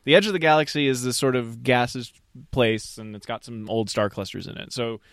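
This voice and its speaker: A man's voice: medium pitch, a little fast, no echo, clean studio sound. A man co-hosting a podcast, talking in a hesitant, filler-heavy way. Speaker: podcast co-host. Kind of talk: casual chat.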